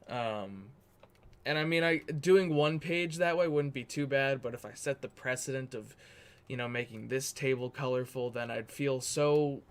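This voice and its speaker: A man with a mid-range voice hosts a livestream, chatting casually while working on a document. He rambles, corrects himself and keeps things chatty.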